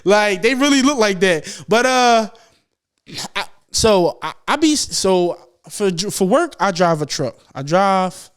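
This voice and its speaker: Smooth high-voiced young man, animated storyteller. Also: takes it slowly. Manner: animated, profane storytelling with slang. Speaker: podcast host. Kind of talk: casual podcast chat.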